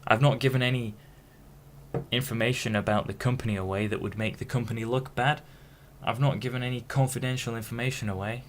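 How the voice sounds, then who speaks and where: A man's voice: mid-range voice, steady tone, background noise. A young man from Hull talking frankly to camera in a rambling monologue, often stopping and restarting his sentences. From Hull, England. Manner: frank, halting, many restarts. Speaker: vlogger.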